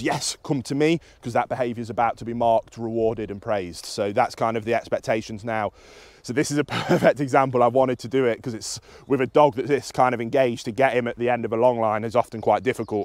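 A young man walks viewers through a dog training session in an open field. He speaks at an everyday middle pitch, calm and practical, switching to high excited praise when the dog comes back. The sound is dry, with little room echo. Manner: explains calmly, then bursts into high excited praise for the dog. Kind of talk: outdoor training demonstration.

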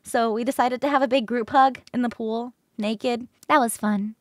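A young woman streamer telling a story in a casual chat, animated and breaking into laughter. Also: a little high, moderate pace, dry recording, clean studio sound.

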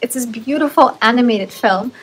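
A woman's voice: fairly high pitch, moderate pace, crowd noise, poor audio. A woman from Canada co-hosting a live community stream, talking in an enthusiastic way with lots of fillers. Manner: warm, enthusiastic, filler-heavy. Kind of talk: casual live-stream chat.

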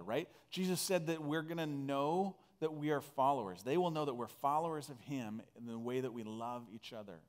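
A man from northern Canada preaching a conversational sermon, earnest and full of restarts. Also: medium pitch. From northern Alberta, Canada. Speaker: pastor.

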